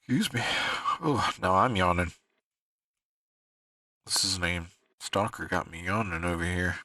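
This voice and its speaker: A man hosting a livestream, muttering to himself as he fiddles with his software, heard on a distant desk mic. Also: deep voice, measured pace, no room sound, studio quality. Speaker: livestream host. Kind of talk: casual livestream chatter.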